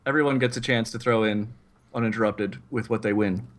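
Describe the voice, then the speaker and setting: A man's voice: fairly low pitch, fairly quick. A man chatting casually and laughing often while he explains his moves in a tabletop story game. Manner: laughing, relaxed.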